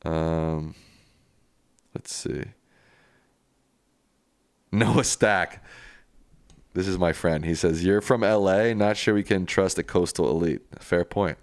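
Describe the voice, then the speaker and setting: A man with a very low voice runs a live stream, reading viewer comments aloud and answering them in a casual, plainspoken way. He speaks slowly with long pauses, and the sound is dry and close with no room echo.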